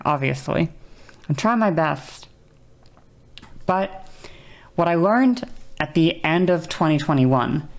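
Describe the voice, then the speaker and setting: A young woman talks openly on her livestream, circling back over the same points as she reflects. Her voice sits low and carries a gravelly fry. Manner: candid, reflective, repeats herself. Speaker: streamer. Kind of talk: casual livestream chat.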